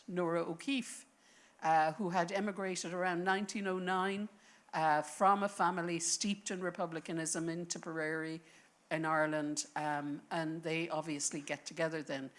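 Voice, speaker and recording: A woman speaking on a panel, telling a history as a story in an animated, thinking-aloud way. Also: low voice. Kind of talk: conversational panel talk. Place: lecture panel before an audience.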